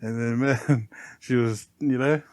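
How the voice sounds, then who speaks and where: Slow, soft-spoken New man. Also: mid-range voice, steady tone, no room sound. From New Zealand. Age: middle-aged. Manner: soft-spoken, heartfelt, laughs often. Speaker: podcast guest, barber. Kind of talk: casual chat, personal storytelling.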